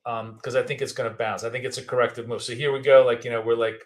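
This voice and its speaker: A man's voice: medium pitch, little pitch movement, quick pace. A man in his fifties or older with a Russian accent, a native Russian speaker, giving casual, rambling live trading commentary. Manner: casual, rambling, thinking aloud. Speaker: trading educator.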